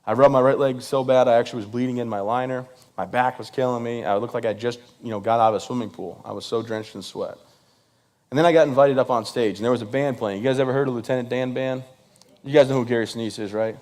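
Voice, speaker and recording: A man's voice: mid-range voice, fairly even intonation, fast talker, a little mellow. A man from Michigan giving a humorous, self-deprecating speech at a live event, often checking in with "right?". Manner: self-deprecating, jokey, many "right?" asides. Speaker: guest speaker.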